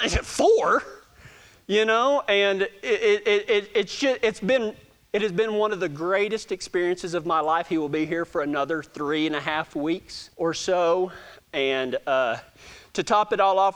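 A man with a noticeably high voice and a Texan drawl, telling stories to a live gathering. He talks in a folksy, self-deprecating way and often trips over his words and starts sentences again. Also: a bit bright. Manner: folksy and self-joking, with frequent stammered restarts. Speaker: speaker addressing a gathering. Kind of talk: casual storytelling talk to an audience.

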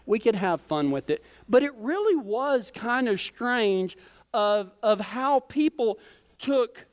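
A preacher from Colorado telling a humorous travel story in a folksy, joking way during a sermon. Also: male voice, high-pitched, lively intonation, slow. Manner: folksy, joking, self-teasing.

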